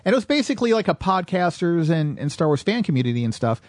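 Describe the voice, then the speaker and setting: A man's voice: fairly high pitch, fast, no echo, clean studio sound. A man in his forties from Michigan, hosting a casual podcast chat and telling stories with acted-out quotes. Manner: animated storyteller, acts out quotes. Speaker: podcast host.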